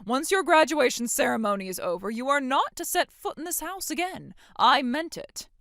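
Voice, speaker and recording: A woman's voice: high voice, animated, normal speed, fairly bright tone, dry recording, studio quality. An actress voicing a cold, scornful mother who later turns gushing and pushy in a dramatic story. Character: cold, scornful, manipulative middle-aged mother.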